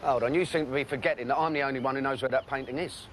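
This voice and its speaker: A man's voice: medium pitch, fairly even intonation, a bit bright, slight background noise, lightly acted. A man playing a brash Cockney con man. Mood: bargaining. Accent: London Cockney. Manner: cheeky, fast-talking, trading insults. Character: brash London con man, quick-tongued and combative. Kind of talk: TV drama acting.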